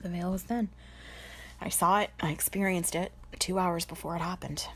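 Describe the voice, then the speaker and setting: A woman's voice: on the low side, fairly even intonation, normal speed, fairly bright tone, slight background noise. A woman, a spiritual medium telling a personal story in a candid, conversational way that often sinks to a near-whisper.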